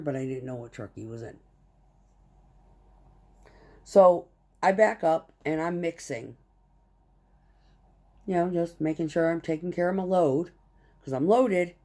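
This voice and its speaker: A woman's voice: sits low, a little slow, pauses often, mellow. A woman truck driver telling a heated, profane story about a work conflict in short clipped phrases. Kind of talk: casual storytelling rant.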